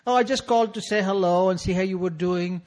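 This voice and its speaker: A man's voice: high-pitched, fast talker, darkish tone, pitched above the performer's own voice, close to an everyday voice. A man doing a wheedling old father. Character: estranged elderly father, wheedling and apologetic.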